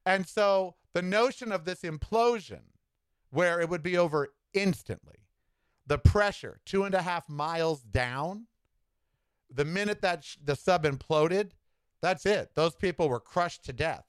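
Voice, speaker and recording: Measured in pace, with a clear, resonant voice, a man runs his own podcast through an opinionated, sassy monologue laced with camp asides. His delivery shifts dramatically in pitch and tempo, and the recording is dry.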